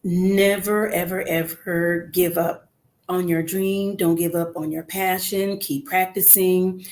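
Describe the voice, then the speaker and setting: A woman's voice: lowish voice, steady tone, slow pace, a little mellow, slight background noise. A middle-aged woman, a guest singer, talking casually in an interview over a remote call, earnest and encouraging with frequent filler words.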